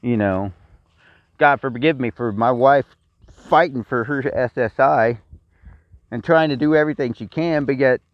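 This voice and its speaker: A man's voice: medium pitch, moderate pace, no echo. A middle-aged Texan man rants with blunt, profane repetition. His delivery is that of someone airing grievances alone to a camera. The sound is dry and somewhat dull, like a cheap recording. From Texas. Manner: blunt and profane, repeats himself. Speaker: vlogger. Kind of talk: angry personal rant.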